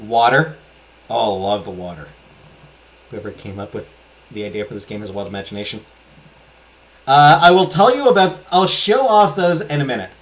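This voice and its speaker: Male let's-play host, casual, enthusiastic, filler-heavy, average pitch. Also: lively intonation, moderate pace, long pauses, poor audio. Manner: rambling, enthusiastic, many fillers. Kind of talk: casual game commentary.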